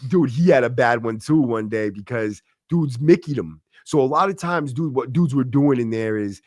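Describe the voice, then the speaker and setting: Give me a male podcast host with a mid-pitched voice, swearing and talking slang as he tells a story, recorded dry and close. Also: normal speed, no echo. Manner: profane, slangy, excitable, acts out quotes. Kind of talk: casual storytelling.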